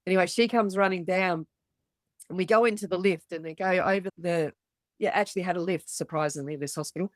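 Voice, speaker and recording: A middle-aged Australian woman speaks on the low side and fairly quickly, with no room sound. She's a podcast guest telling her story candidly and bluntly, swearing freely and acting out other people's voices.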